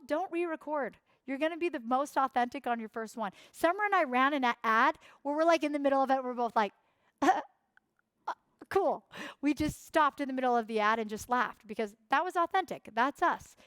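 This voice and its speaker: Emphatic, high-voiced woman coaching a workshop. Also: a little fast, a bit bright, clean tone, dry recording. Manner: emphatic, repeats key phrases, acts out quoted voices. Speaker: workshop instructor.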